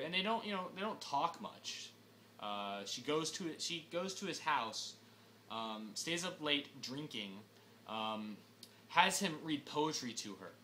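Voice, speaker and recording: A young man ranting through a film review, exasperated and animated, breaking into sudden shouts. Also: a little high, slight background noise. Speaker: movie reviewer.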